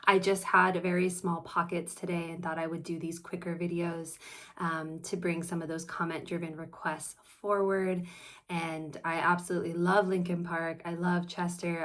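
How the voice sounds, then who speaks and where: A woman's voice: fairly low pitch, a bit bright. A woman therapist hosting a reaction video, talking in a casual, earnest and reflective way as she shares personal stories.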